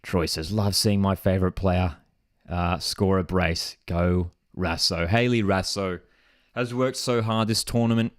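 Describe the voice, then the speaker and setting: A man hosts a live football watchalong and reacts to the match as it happens. He talks in an excitable, disbelieving way, and his voice climbs sharply when he is outraged or celebrating. Between reactions he reads out comments from viewers. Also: sits low, a little slow, no room sound, studio quality.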